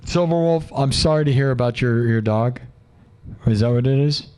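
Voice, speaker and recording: A man's voice: medium pitch, normal speed, darkish tone, clean tone. A young man hosting a live music stream, chatting casually with viewers in a brash, ranting way, full of "dude" and "bro". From United States. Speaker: livestream music host.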